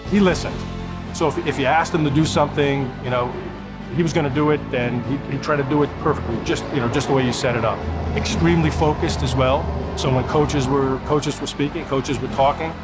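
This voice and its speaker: A man's voice: mid-range voice, fairly even intonation, fairly quick, rough recording. A man, a former coach, speaking admiringly and with animation in a documentary interview. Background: music.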